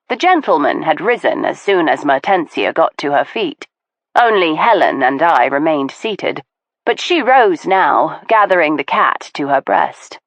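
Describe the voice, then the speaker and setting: A woman narrating a period mystery novel in the first person, measured and expressive. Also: deep voice, dry recording. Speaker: audiobook narrator.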